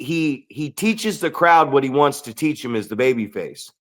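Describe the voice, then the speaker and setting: A man co-hosting a wrestling podcast, telling excited stories in a casual, profane way and acting out what others said. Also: mid-range voice, normal speed, few pauses. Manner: animated, swearing storyteller who acts out quotes. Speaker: podcast co-host.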